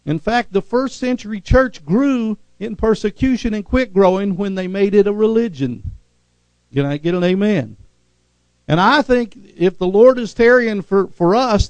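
A man preaching a sermon, calling for amens from the congregation and swinging from loud, fervent passages to quiet, lowered ones. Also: moderate pace, dry recording, low-quality recording. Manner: call-and-response preaching, rising to shouts then dropping low. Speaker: pastor.

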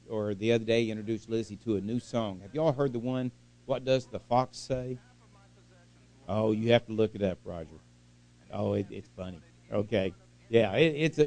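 A middle-aged man from the United States delivers a sermon in a chatty, folksy manner. His voice sits at a middle pitch, and he keeps drawing the congregation in with questions. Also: darkish tone. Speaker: preacher.

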